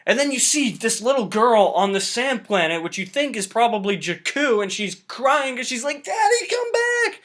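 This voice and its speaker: A young man giving a casual, excited film review, chatty and swearing loosely. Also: high voice. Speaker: movie reviewer.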